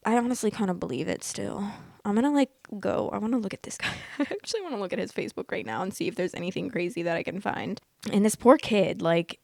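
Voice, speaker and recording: A woman in her late twenties hosting a podcast, chatting casually and reading posts aloud in a candid, excitable way, swearing freely. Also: mid-range voice, creaky, no room sound, studio quality. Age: late 20s. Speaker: podcast host reading Reddit stories.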